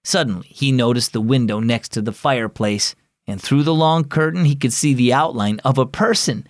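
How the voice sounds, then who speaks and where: A man hosting and narrating a scripted children's devotional story, reading clearly and expressively. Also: medium pitch, normal speed, no echo, clean studio sound.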